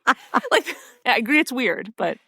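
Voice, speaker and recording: Lively woman chatting, dry sound. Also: on the high side, normal speed, gravelly, breathy edge, dry recording. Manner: chatty, lots of "like", laughs easily. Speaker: podcast co-host. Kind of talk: casual recap chat.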